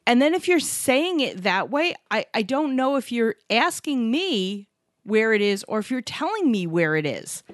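A woman co-hosting a podcast about couples in business, talking in an animated, emphatic way and sometimes acting out other voices. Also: fairly high pitch, normal speed, no room sound, clean studio sound. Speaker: podcast co-host. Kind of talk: casual chat. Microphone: podcast microphone.

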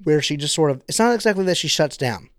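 A man's voice: on the high side, expressive, quick pace, no room sound. Chatty man, dry close sound. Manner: rambling, filler-heavy, acts out quotes. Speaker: podcast co-host. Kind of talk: casual chat.

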